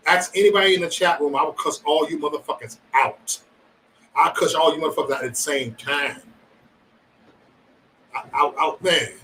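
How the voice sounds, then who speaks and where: A man's voice: on the high side, moderate pace, long pauses, bright, forceful tone, far from the mic, slight background noise, rough recording. A man hosting a livestream, chatting casually with viewers in profane, rambling banter and joking threats. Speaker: livestream host.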